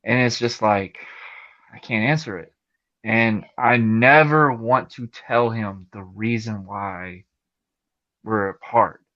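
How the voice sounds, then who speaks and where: Man hosting a casual podcast; forceful bright tone, dull lo-fi recording. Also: lowish voice, slow pace, dry recording. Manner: candid, talks in loose run-on sentences. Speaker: podcast host.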